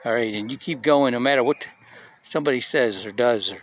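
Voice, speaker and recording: A middle-aged man speaks at a medium pitch and a fairly quick pace during a community live session. He gives a casual motivational talk, telling personal stories loosely and conversationally while often checking in with "right?".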